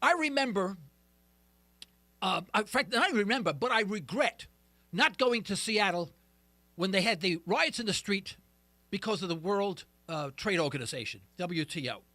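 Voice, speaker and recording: A man's voice: sits high, animated, moderate pace, sharp tone, no echo. A middle-aged man hosting a talk radio show, ranting emphatically and poking fun at himself. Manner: emphatic, ranting, self-deprecating. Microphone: studio mic.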